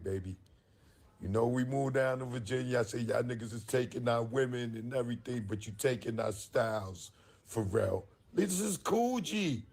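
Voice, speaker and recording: A male comedian telling a story in an animated, exaggerated way, jumping into high-pitched outbursts. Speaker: comedian host.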